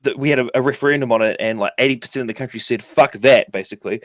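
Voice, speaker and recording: A man's voice: mid-range voice, very fast, no echo. Profane rambling New Zealand man. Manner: profane, rambling, filler-heavy. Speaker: caller. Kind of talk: casual call-in chat.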